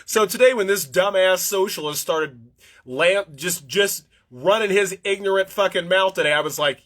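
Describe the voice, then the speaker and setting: Bright, tired-sounding rambling male host. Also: sits high, a little slow. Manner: profane, rambling, blunt. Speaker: livestream host. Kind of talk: casual rambling livestream monologue.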